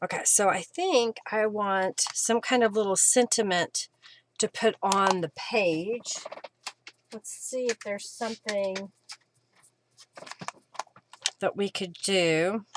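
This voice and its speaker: A woman's voice: mid-range voice, takes it slowly, long pauses, noisy background. A middle-aged woman, chatting casually and answering viewer comments as she works on a craft live stream. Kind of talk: casual chat while crafting.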